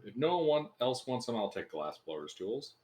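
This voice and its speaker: Lively man chatting at a game table. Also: mid-range voice, normal speed. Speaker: player. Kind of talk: casual tabletop game chat. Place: home, online voice call.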